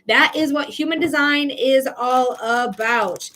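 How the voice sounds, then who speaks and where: A woman's voice: high-pitched, slow, a bit bright. A woman hosting a live psychic reading stream, chatting casually and listing her services with rising questions. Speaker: psychic reader and livestream host. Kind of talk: casual livestream talk.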